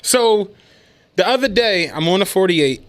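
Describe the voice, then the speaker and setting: Man, podcast co-host, casual chat, profane storyteller, very high voice. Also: a little slow. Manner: animated, profane storytelling, laughing often.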